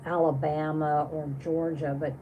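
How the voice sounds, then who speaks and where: A woman's voice: low voice, flat delivery, unhurried, dark tone, a little hiss or hum, rough recording. A woman hosting a casual livestream, reading viewer comments aloud and chatting on in a rambling way with many restarts. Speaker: livestream host.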